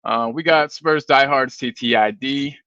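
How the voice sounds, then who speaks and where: A man's voice: medium pitch, a little slow, pushed and bright, no room sound. A sleepy man hosting a fan live stream, rambling casually and reading viewer comments aloud. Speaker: fan channel host. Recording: dull, dry stream audio.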